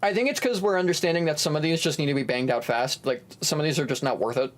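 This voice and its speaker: Young man chatting on a stream. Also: quick pace. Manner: animated, breaks into high silly voices. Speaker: stream co-host. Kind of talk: casual stream chat.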